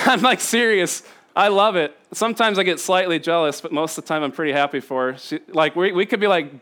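A man's voice: a little high, fairly bright tone, smooth. A man in his thirties from Indiana, preaching a sermon built on family stories, laughing often and talking with many fillers. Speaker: pastor.

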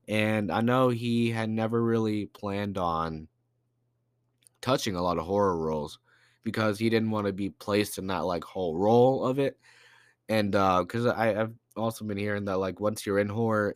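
A young man talks through his podcast in a loose, rambling way, full of fillers and slang. His voice sounds stuffy and congested, and sits a bit low. The recording is close and dry, with no room sound. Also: dry recording. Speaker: podcast host. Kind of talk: casual solo podcast.

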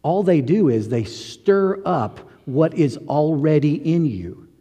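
A man's voice: a little high, animated, slow, warm tone, husky, in a large hall. A male pastor preaching a sermon in a conversational way, asking the listeners questions and acting out little quotes.

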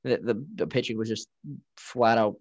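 A man's voice: fairly low pitch, fairly even intonation, moderate pace, dry recording, dull audio. A man co-hosting a casual sports talk show, recapping game stats with frequent restarts. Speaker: podcast co-host.

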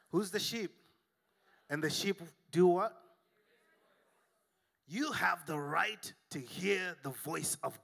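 Bright, forceful male pastor preaching. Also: a little high, vocal fry. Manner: emphatic, humorous preaching with call and response. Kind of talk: sermon. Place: church.

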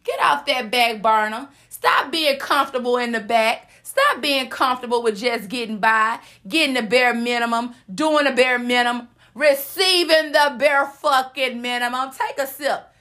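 A woman's voice: fairly high pitch, moderate pace, hardly any pauses, sharp tone. A woman hosting a motivational podcast monologue, sassy and profane, preaching and repeating lines for emphasis. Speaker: podcast host.

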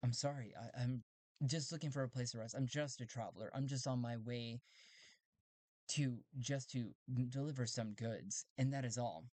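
A man's voice: medium pitch, normal speed, darkish tone, no echo, lightly acted. A man playing a hesitant, polite space traveler. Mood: apologetic. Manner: hesitant, apologetic, stumbling. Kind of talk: solo tabletop role-play.

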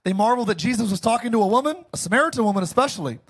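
Man, pastor, sermon; high and breathy, playful with the congregation. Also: lively intonation, racing. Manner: jokey, calls for congregation responses.

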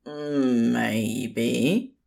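A woman's voice: sits low, lively intonation, extremely slow, full character voice. A woman voicing a lanky, sullen young man who drawls slyly, in a storybook reading. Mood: sullen, drawling.

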